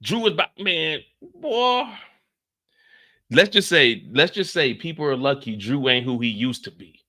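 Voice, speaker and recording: A man's voice: on the high side, unhurried. A man hosting a live reaction stream, chatting casually, repeating himself and acting out quotes. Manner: animated, repeats lines, acts out quotes.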